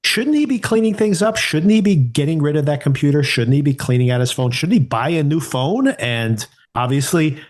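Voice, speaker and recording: A man's voice: on the high side, lively intonation, normal speed, hardly any pauses. A man co-hosting a podcast, chatting casually through a TV review and thinking aloud with rhetorical questions. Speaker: podcast co-host.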